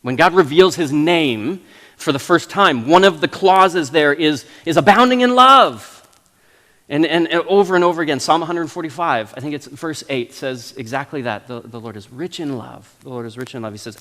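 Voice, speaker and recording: A man in his thirties from Canada, preaching a sermon as pastor in a casual, animated way with frequent restarts. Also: a little high, moderate pace, in a large hall. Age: 30s. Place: church sanctuary.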